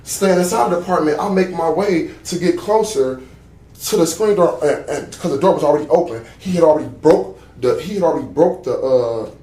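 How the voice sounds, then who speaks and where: A man's voice: a little high, fairly quick, warm tone, roomy sound, distant mic. A man giving a witness statement in a police interview, talking in an agitated, profane way and often repeating himself.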